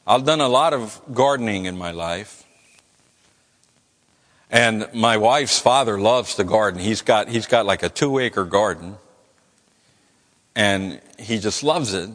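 A man's voice: mid-range voice, a bit bright, big-room sound. A man preaching a sermon in church, earnest, often repeating words as he builds each point.

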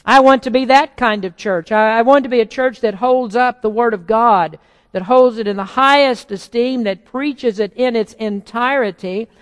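Woman pastor giving a sermon, kinda high voice, earnest and deliberate, long echoey hall. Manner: earnest, deliberate, restarts phrases.

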